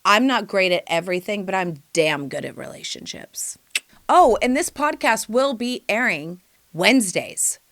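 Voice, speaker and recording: A woman in her forties hosting a podcast, telling a comic story in a sassy, animated way and calling listeners "honey". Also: mid-range voice, moderate pace. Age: 40s. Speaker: podcast host; mother and choreographer.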